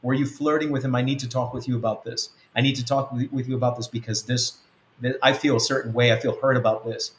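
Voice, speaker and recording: A man acting out a hurt husband who calmly presses his wife with pointed questions, in an echoey room. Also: medium pitch, fast talker, slight background noise, natural voice. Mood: hurt, probing.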